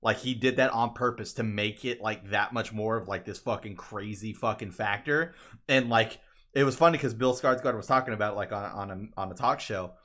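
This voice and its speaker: Brief: male podcast co-host, bright tone, rambling profane storyteller. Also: on the low side, a little fast. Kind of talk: casual chat.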